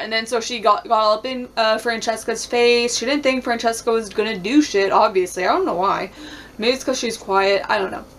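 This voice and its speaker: A woman with a mid-range, fairly bright voice recaps a reality show for her casual vlog. She laughs a lot and talks bluntly, full of swearing and "like." Slight background noise is audible.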